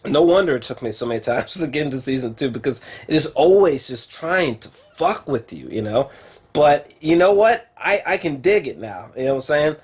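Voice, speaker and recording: At home and talking straight into the camera, a film and TV reviewer rambles casually about a TV show. His mid-range voice has a breathy edge and a normal speed, and he's excitable, profane, and full of fillers.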